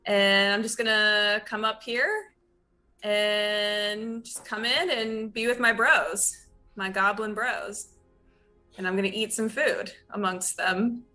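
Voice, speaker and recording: A woman playing a tabletop game, her voice bright and forceful. She talks in a playful, casual way and laughs easily. Faint music plays behind her. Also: mid-range voice, fairly even intonation, slow pace. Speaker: player.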